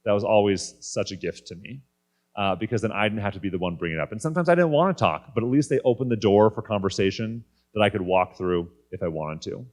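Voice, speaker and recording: Brief: man, thirties, lowish register, candid conference speaker telling a personal story. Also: quick pace. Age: 30s. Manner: candid, conversational. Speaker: guest speaker. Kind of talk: personal faith talk. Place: conference stage.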